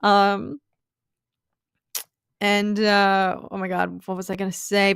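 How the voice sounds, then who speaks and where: A woman's voice: mid-range voice, a little slow, gravelly, long pauses, smooth, no echo, clean studio sound. A young woman hosting a casual live stream, gushing and laughing often as she thanks viewers and rambles with fillers. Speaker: livestream host.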